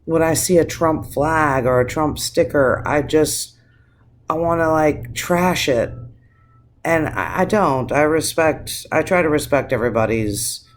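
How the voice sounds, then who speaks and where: A man's voice: a little high, unhurried, a little hiss or hum. A man ranting on his vlog, profane and impassioned, rambling with restarts. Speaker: vlogger. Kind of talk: casual vlog rant.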